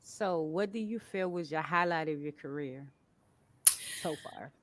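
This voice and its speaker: A woman's voice: low voice, a little slow, slight background noise. A woman hosting an interview, asking brief, friendly questions in a casual way. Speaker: host.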